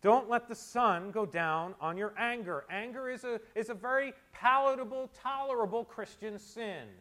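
Middle-aged male pastor, high voice, conversational sermon with punchy exhortations. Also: normal speed. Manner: conversational preaching, swinging between quiet asides and forceful exhortations.

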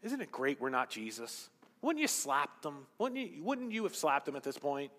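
A man preaching a sermon as pastor, swinging between loud emphasis and hushed asides. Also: a little high, sing-song, moderate pace. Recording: long hall reverb.

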